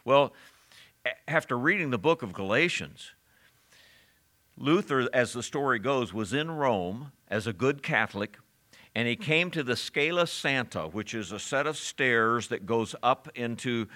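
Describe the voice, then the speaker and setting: A man's voice: medium pitch, lively intonation, measured pace, bright, forceful tone. A man preaching a sermon as a pastor, emphatic and direct, asking his listeners rhetorical questions.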